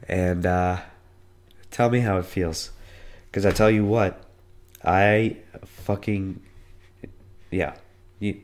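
Podcast host in his twenties, hoarse and low-pitched, profane rambling storyteller, voice cracking if he goes high. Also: darkish tone. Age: 20s. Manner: voice cracks and breaks on high notes. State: hoarse, losing his voice from illness. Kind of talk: casual solo podcast monologue.

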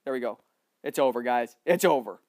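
A man giving excitable live gameplay commentary, boasting, repeating himself and bursting into loud yelling. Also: mid-range voice, brisk, no room sound, clean studio sound. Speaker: gaming livestreamer.

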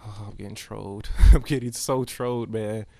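A man streams a video game and chats casually, talking to viewers as well as to the characters on screen. His voice is lowish, creaky and mellow, with a steady tone and moderate pace, and the audio has no echo.

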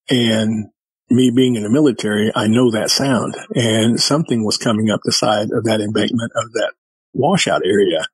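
Husky-voiced man telling a story. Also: fairly low pitch, dry recording, rough recording. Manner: vivid retelling with quoted dialogue. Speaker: guest. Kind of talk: casual storytelling.

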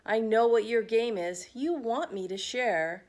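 A greedy, selfish pug dog, as a woman puts him on, bellowing about his toys in a loud, possessive voice. A storybook figure with a very slow, drawn-out delivery. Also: fairly high pitch, animated. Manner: shouty, possessive.

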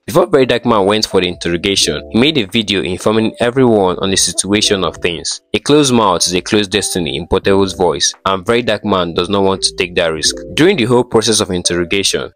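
A man narrating a scripted news summary in a brisk, even delivery. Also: low voice.

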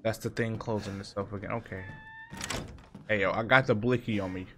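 A man's voice: lowish voice, fairly even intonation, brisk, slight background noise. A man commentating a horror game playthrough, cursing, joking and talking back to the game. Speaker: gaming streamer. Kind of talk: let's play commentary.

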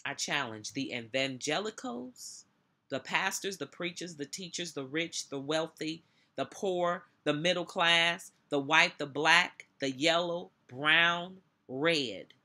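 A middle-aged woman minister preaching a commentary, impassioned and pressing her listeners with sharp rhetorical questions. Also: deep voice, takes it slowly. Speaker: minister and show host.

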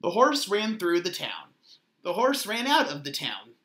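Slow, expressive woman reading aloud. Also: fairly low pitch. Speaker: children's book reader. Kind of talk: storybook read-aloud. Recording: echoey room.

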